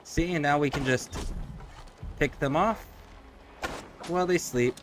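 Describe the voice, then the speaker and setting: A man's voice: on the high side, unhurried, noisy background. A man streaming a video game, talking casually and rambling through his thoughts with frequent restarts. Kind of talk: casual gameplay commentary.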